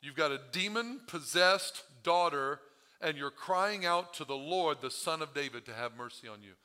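A man preaches to his congregation in a bright, cutting voice that is a little higher than most. His voice is strained and hoarse from overuse. He keeps the sermon conversational, throwing questions at the room and then building to loud, dramatic quotes. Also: animated, moderate pace. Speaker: pastor. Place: church sanctuary.

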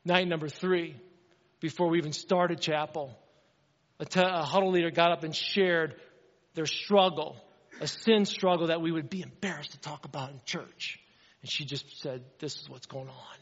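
A man's voice: a little high, normal speed, long reverb tail, lo-fi sound. A man preaching a sermon in an earnest, conversational way, often asking the congregation questions. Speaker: pastor.

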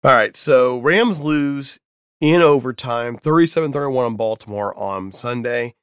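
A man co-hosting a sports podcast, opening the talk in a measured, wry way. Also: mid-range voice, fairly bright tone, clean tone, no room sound, studio quality. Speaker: podcast co-host. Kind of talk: casual sports chat.

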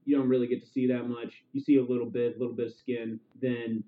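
A man's voice: mid-range voice, flat delivery, quick pace. A man in casual chat, rambling through a story and acting out lines in passing. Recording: phone-like narrow sound.

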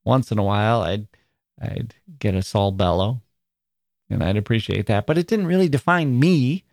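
A man's voice: lowish voice, moderate pace, vocal fry, darkish tone, dry recording, clean studio sound. A man from Wisconsin hosting a podcast, talking through a reflective spoken essay in a thoughtful, wry way, with small self-corrections. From Wisconsin, USA. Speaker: podcast host.

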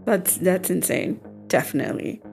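A young woman co-hosts a podcast, chatting casually and loosely with frequent fillers and restarts. Her voice is on the low side, expressive and a little mellow, with vocal fry and normal speed, and soft music plays in the background.

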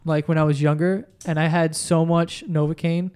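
A man's voice: fairly high pitch, flat delivery, normal speed, darkish tone, clean tone. A young man, a podcast guest, chatting casually and getting worked up as he tells stories, with some swearing. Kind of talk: casual chat.

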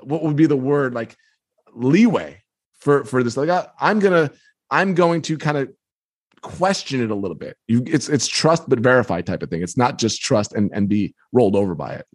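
A man in his fifties from the New York area, a guest author, telling a story in an animated way with frequent restarts. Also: mid-range voice, normal speed, husky, dry recording, studio quality. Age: 50s. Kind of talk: storytelling in conversation.

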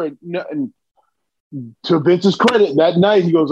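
An animated man with a high voice telling stories, his words tumbling out with excitement. The recording sounds dull and lo-fi. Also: normal speed, breathy edge, no echo. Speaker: podcast guest. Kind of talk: casual storytelling.

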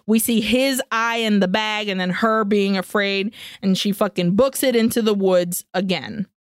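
A woman's voice: medium pitch, normal speed, smooth, no echo, clean studio sound. A woman co-hosting a podcast, animatedly retelling a film plot in casual chat and swearing freely. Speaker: podcast co-host.

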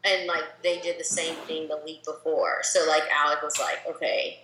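A woman's voice: sits low, flat delivery, normal speed, bright, forceful tone, roomy sound, slight background noise, low-quality recording. A woman chatting casually, telling stories animatedly with lots of "like" and quoted asides. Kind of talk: casual chat.

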